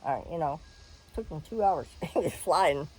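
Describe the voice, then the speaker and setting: An older woman telling a personal story in a frank, animated way, laughing and swearing freely. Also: low-pitched, moderate pace, breathy edge, poor audio.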